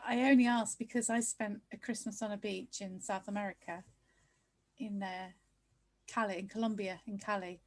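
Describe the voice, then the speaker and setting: Woman, co-host; even mid pitch, relaxed chat with quick asides. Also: rough recording. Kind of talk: casual chat.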